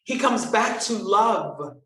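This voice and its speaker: A woman guest telling a story in an interview, animated and acting out the dialogue. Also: mid-range voice, takes it slowly, recorded from a distance. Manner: animated, expressive storyteller who acts out dialogue. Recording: roomy sound, from off-mic.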